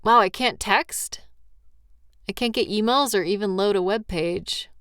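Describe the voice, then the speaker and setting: A woman's voice: medium pitch, a little slow, fairly bright tone, smooth, no echo, studio quality. A woman in a comfort role-play who is tired and yawning, talking sleepily and reassuringly to a partner. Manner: sleepy, reassuring, playful teasing. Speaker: audio role-play performer.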